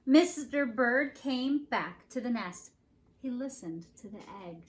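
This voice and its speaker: A woman, a preschool teacher, reading a children's picture book aloud in a playful, animated way and asking the listeners questions. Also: fairly high pitch, slow pace. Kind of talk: children's storybook read-aloud. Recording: faint background noise. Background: dog barking now and then.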